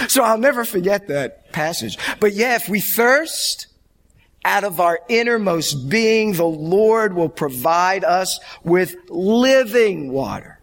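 A man's voice: sits high, lively intonation, slow pace, fairly bright tone. A middle-aged man preaching a sermon, telling stories animatedly and laughing along. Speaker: pastor.

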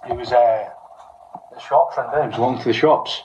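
A young Scottish man co-hosting a podcast, telling stories and making absurd, deadpan jokes. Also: mid-range voice, fast talker, lo-fi sound, a little hiss or hum. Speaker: podcast co-host. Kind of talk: casual comedic storytelling.

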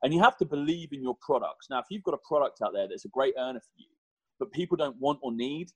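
A man's voice: mid-range voice, fast, slightly rough, no room sound, low-quality recording. A man, a personal trainer in his thirties, chatting animatedly as a podcast guest. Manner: animated, chatty, swears mildly. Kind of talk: podcast conversation.

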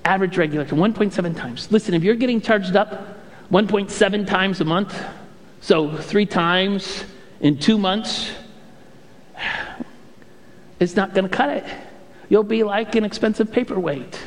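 A male pastor preaching a sermon with animated storytelling and playful impressions. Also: high voice, moderate pace, long reverb tail.

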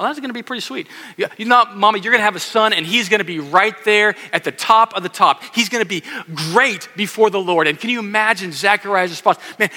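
A man preaches with a bright, forceful voice that sits somewhat high. He is lively, acts out the voices in his stories, and speaks straight to the children listening. His words carry a long reverb through a large church sanctuary. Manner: animated, acts out quoted voices, addresses kids in audience. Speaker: pastor. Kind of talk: sermon.

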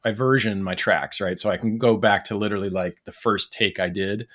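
A man's voice: fairly low pitch, steady tone, a little fast, fairly bright tone. A man who sings, co-hosting a podcast in easygoing, self-deprecating casual chat. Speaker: podcast co-host, singer.

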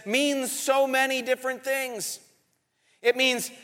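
A man preaching a sermon as pastor, telling a lively story. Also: very high voice, slow. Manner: storytelling, animated. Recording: reverberant church hall.

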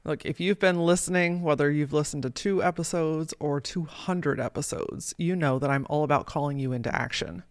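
A woman's voice: deep voice, moderate pace, few pauses, no room sound. A woman hosting a motivational podcast as a life coach, talking casually and emphatically with plenty of swearing.

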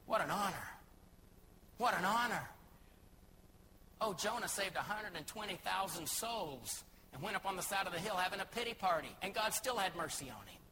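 A man's voice: sits high, very animated, fairly quick, few pauses, noisy background. A man from Texas, a missionary preacher, giving a dramatic sermon and acting out the people in the Bible story. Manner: dramatic, acts out biblical speakers.

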